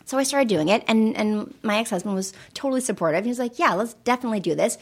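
A woman with a slightly high voice, talking as a guest on a podcast. She tells stories in a lively way and acts out the lines of the people in them. The pace is a relaxed, chatty back-and-forth. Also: fast, breathy edge. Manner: animated, acts out voices in anecdotes. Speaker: podcast guest, actress and math author. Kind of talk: casual storytelling chat.

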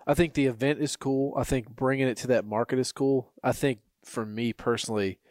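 A man's voice: medium pitch, steady tone, a little fast, a little mellow, no echo, studio quality. Man musing casually on a podcast.

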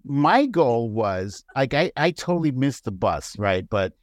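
A man chatting casually as a podcast guest, laughing often and jumping into high mocking voices. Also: very animated, measured pace, no room sound, clean studio sound. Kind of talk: casual chat.

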